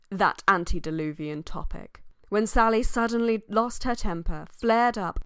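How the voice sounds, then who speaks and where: A woman reading a novel aloud as an audiobook, with expressive rises in pitch for emphasis. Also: smooth, no room sound, studio quality. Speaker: audiobook reader. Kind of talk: scripted audiobook narration.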